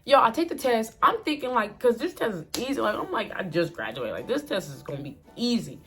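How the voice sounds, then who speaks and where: A young woman chatting casually to her viewers as she tells a story, full of "like" and "y'all", with lively ups and downs. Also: on the high side, fairly quick. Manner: chatty and expressive, fillers like "like", addresses viewers as y'all. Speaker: vlogger telling a story.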